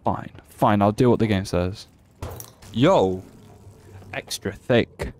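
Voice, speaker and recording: A man's voice: fairly low pitch, slow pace, slight background noise. A young man giving casual, joking commentary while streaming a horror game. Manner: joking, playful, excitable.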